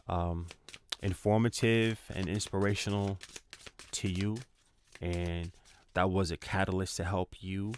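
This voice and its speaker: A man's voice: low voice, a little hiss or hum. A man giving a spiritual tarot reading in a casual, slangy, encouraging way, repeating himself for emphasis. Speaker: tarot reader.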